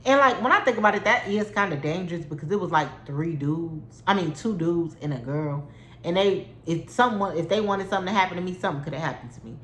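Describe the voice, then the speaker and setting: A woman's voice: lowish voice, quick pace, a bit bright, slight background noise. Heated, profane young woman in an echoey room. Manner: heated, profane, repeats herself for emphasis. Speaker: vlogger telling a story. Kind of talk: storytime vlog.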